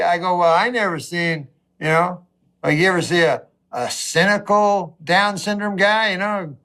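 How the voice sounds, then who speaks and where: A man delivers a stand-up monologue in a dry, deadpan drawl. He rambles from thought to thought, lets long pauses hang, and slips into little acted-out exchanges before dropping back to his flat tone. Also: high voice. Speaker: comedian.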